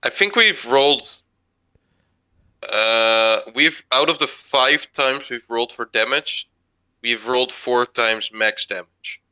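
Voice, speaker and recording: A young man describes his character's moves in a tabletop game, hesitant and full of uhs. His voice is very bright and smooth. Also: medium pitch, slow pace, rough recording. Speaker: player. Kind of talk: casual tabletop game chat.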